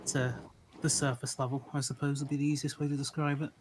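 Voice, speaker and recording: Brisk man walking friends through a game route, noisy line. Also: mid-range voice, little pitch movement. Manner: explains game routes step by step. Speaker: co-commentator giving route advice. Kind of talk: casual stream chat.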